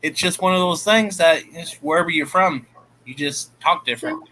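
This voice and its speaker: A man's voice: on the high side, moderate pace, pushed and bright, a little hiss or hum, rough recording. A man from Ohio with a Southern US accent, chatting bluntly and swearing casually as a co-host. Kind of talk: casual chat on a livestream.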